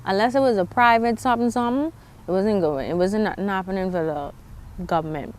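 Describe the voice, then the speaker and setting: A woman's voice: mid-range voice, a little fast. Candid Bahamian woman telling her story. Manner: candid and chatty, with restarts and asides to viewers. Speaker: vlogger. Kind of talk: personal storytelling to camera.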